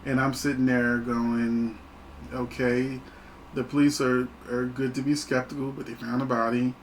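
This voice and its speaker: Chatty guy doing a movie review, mid pitch, laughs a lot, faint hiss behind. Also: normal speed, low-quality recording. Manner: animated, chatty, laughs often. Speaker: channel host reviewing a film. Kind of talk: casual spoken review.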